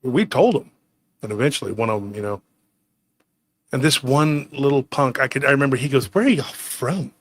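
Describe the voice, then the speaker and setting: A man's voice: mid-range voice, fairly quick, pauses often. A man from Texas hosting a podcast, telling rambling stories in casual chat and mimicking relatives. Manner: rambling storyteller, mimics relatives in quotes, laughs often. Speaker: podcast host.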